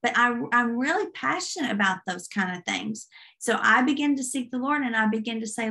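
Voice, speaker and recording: Lady preacher sharing a dream story, earnest, kinda high voice. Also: lively intonation, a little fast, vocal fry, pushed and bright. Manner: earnest testimony with vivid retelling. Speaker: minister. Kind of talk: sermon storytelling.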